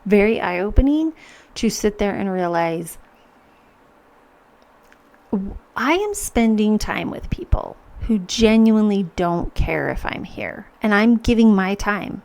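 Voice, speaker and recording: Woman, podcast host, earnest, reflective monologue, restarts often, middle pitch. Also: a little slow, creaky, a little mellow. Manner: earnest, many restarts, acts out her own inner thoughts.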